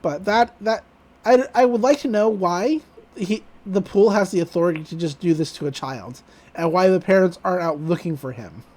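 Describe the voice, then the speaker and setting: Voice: mid-range voice, moderate pace, darkish tone. A podcast host recapping a cartoon episode in a casual, rambling, amused way.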